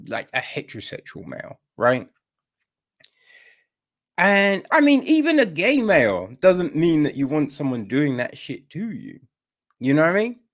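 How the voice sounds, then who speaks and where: A man holds forth on a podcast in loose, opinionated chat, his voice swooping up and down as he goes. He swears often and slips into quick acted-out exchanges to make his points. His voice sits at an ordinary middle pitch. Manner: animated, profane, acts out little dialogues. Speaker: podcast co-host.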